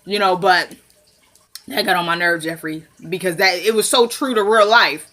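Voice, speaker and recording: A chatty woman recapping a drama episode for her viewers. She has a bright, forceful voice and retells each scene with "he was like" and plenty of her own asides. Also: fairly low pitch, moderate pace. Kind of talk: casual episode recap and commentary.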